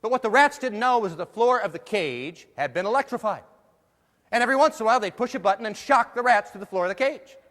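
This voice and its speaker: A man's voice: high voice, lively intonation, quick pace, a bit bright. A man giving a humorous keynote talk to a live audience, playful and jokey, putting questions to the crowd. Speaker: motivational speaker. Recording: long hall reverb.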